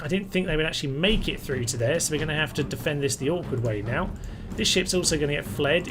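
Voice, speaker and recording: A man giving casual, wry commentary as he plays a strategy game, thinking aloud and mildly exasperated by setbacks. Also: fairly bright tone. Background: faint music and air conditioner rumble.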